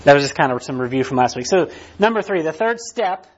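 A man with a high voice gives a casual, conversational sermon and keeps tagging his points with "right?". The recording has a dull, lo-fi sound. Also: expressive, fast talker, slightly rough. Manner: conversational preaching, frequent "right?" tags, restarts. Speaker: pastor.

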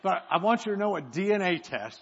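A man's voice: high-pitched, very animated, a little fast, creaky, slightly rough. A man preaching, telling a rambling story with self-mocking humor. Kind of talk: sermon storytelling. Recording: echoey hall, dull sound.

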